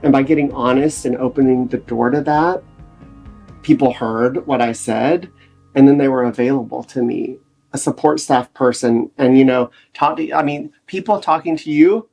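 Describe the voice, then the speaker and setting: A man with a gravelly, slightly rough voice tells his recovery story in an earnest, animated way, sitting as a podcast guest. His tone is conversational, with faint music behind him. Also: mid-range voice, moderate pace. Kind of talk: casual podcast interview.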